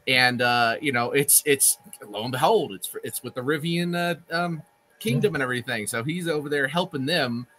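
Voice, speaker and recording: A man's voice: mid-range voice, normal speed, pushed and bright. A man in a casual book discussion, talking in a rambling, hesitant way and swearing casually.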